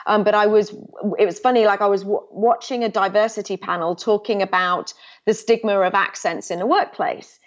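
A woman's voice: mid-range voice, steady tone, normal speed, dull audio. A woman from England with an English accent, a podcast guest talking thoughtfully and with self-deprecating humour. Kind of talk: casual conversational interview.

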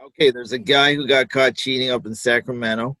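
A man's voice: mid-range voice, fairly even intonation, a little fast, pushed and bright, dry recording, rough recording. A man co-hosting a sports podcast, arguing his point casually with examples and plenty of fillers. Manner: conversational, builds arguments with examples, many fillers. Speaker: podcast co-host.

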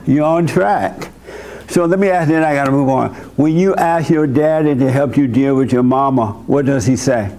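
A man's voice: medium pitch, moderate pace, a little mellow. A man hosting a church gathering, counseling a young caller in a direct, insistent way with short pointed questions and repeated words for emphasis. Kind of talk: blunt counseling conversation.

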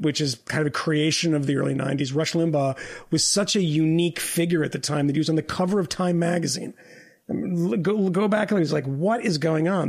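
A man's voice: fairly high pitch, darkish tone. A man co-hosting a podcast, ranting in a heated and profane way and throwing in mocking quoted voices. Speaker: podcast co-host. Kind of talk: heated political podcast rant.

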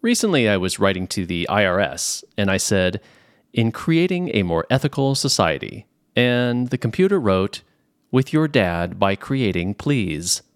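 A man with a Southern California accent, hosting a podcast and reading out a joking letter in a playful, animated way. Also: fairly low pitch, a little slow, smooth, no echo, studio quality. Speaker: podcast host.

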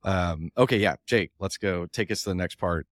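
Man, podcast host, very deep voice, halting, filler-heavy, dry sound. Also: dry recording. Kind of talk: casual interview talk.

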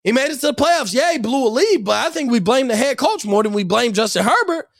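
A man's voice: very high-pitched, expressive, a little fast. A young man giving an angry, profane sports rant, emphatic and heated. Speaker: sports commentator.

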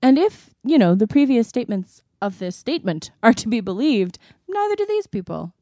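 A woman's voice: fairly high pitch, very animated, moderate pace, dark tone, no echo, studio quality. A woman co-hosting a casual podcast in a living room, chiming in, agreeing, and speaking tentatively. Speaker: podcast co-host. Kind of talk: casual conversation.

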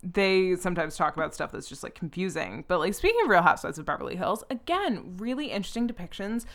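Chatty young woman, lower pitch. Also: lively intonation, quick pace, a bit bright. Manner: chatty and opinionated, frequent "like" fillers and swearing. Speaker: podcast host. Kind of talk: casual podcast chat.

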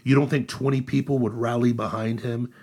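A man hosting a casual political chat podcast, sarcastic and animated. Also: mid-range voice, a little fast, husky. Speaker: podcast host.

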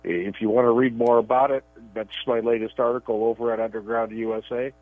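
Heard over a tinny, dry phone line, this man co-hosts a political radio show and also writes as a columnist. His mid-range voice has a level tone and fairly quick pace, and he talks emphatically, often repeating words at the start of sentences.

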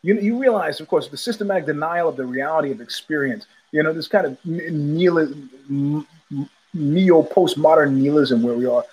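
Husky rambling male podcast host. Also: on the high side, fairly quick, a little mellow, poor audio. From New York. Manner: rambling, digressive, full of fillers and restarts. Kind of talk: casual monologue.

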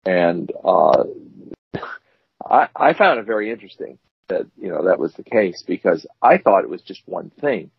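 Husky, animated man co-hosting a chat. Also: deep voice, normal speed, no echo. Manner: animated, joking, rambling storyteller. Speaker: co-host. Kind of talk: casual chat. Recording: dull, dry lo-fi audio.

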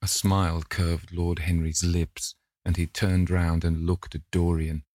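A man narrating a classic novel in a measured, even storytelling manner. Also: deep voice, no echo. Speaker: audiobook narrator. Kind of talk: scripted narration.

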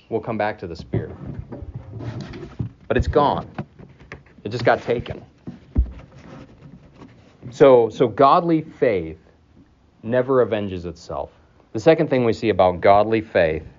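A male pastor preaches with a middle-pitched voice, explaining scripture in an animated, lively way. He chuckles lightly as he teaches. The recording is a bit dull and lo-fi. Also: slight background noise. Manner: animated, acts out scripture dialogue in raised voices. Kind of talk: expository sermon.

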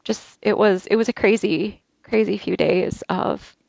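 A woman telling an interview host about a violent attack she survived, talking haltingly with many restarts. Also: medium pitch, fairly even intonation, gravelly, darkish tone, dry recording. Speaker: interview guest. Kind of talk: recounting a personal ordeal. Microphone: video call.

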